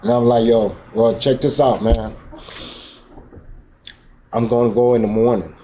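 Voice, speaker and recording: Telling his own recovery story at a meeting, a man speaks at a measured pace in a mellow, medium-pitched voice with flat delivery. His words are raw, emotional street talk packed with slang. The lo-fi recording sounds dull, with faint noise.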